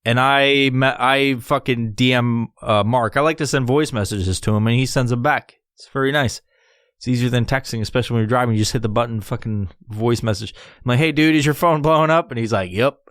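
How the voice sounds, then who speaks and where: A man's voice: medium pitch, brisk, smooth, dry recording, clean studio sound. Profane, rambling man hosting a solo podcast. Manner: profane, rambling, animated storytelling. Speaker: podcast host.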